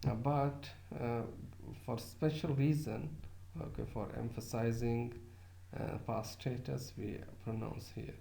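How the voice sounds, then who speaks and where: A man delivers a lecture, his voice mellow and gravelly. He pauses often, fills gaps with filler sounds and repeats words to demonstrate them. The sound carries a noticeable room echo. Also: mid-range voice, fairly even intonation, slight background noise. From Pakistan. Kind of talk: recorded lecture. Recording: echoey room.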